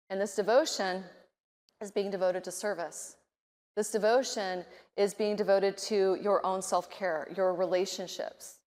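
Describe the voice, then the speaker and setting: A middle-aged woman giving a conference keynote speech, animated, often acting out nervous inner voices. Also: medium pitch. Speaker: keynote speaker. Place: large conference hall. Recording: reverberant conference hall.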